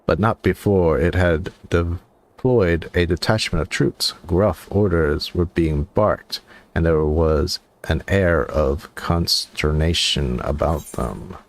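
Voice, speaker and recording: Man reads grave male knight, slow and measured, deep. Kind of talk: game dialogue read aloud.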